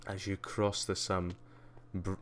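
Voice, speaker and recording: Male streamer, very low pitch, smooth resonant tone, loose and chatty with frequent fillers and dry asides. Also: completely flat delivery, slow. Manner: rambling, many ums and uhs, wry asides. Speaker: livestreamer. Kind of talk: casual live-stream commentary giving a tour.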